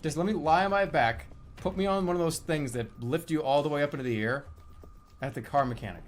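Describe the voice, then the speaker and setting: A man's voice: fairly high pitch, a little fast, faint music behind. Profane, ranting male streamer. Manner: profane, excitable ranting with loud outbursts. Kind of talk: live-streamed gameplay commentary.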